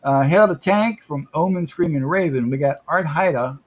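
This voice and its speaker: A man's voice: on the high side, normal speed, few pauses. A man chatting on a live art stream, rambling and joking playfully. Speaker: livestreaming artist. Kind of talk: casual stream chat.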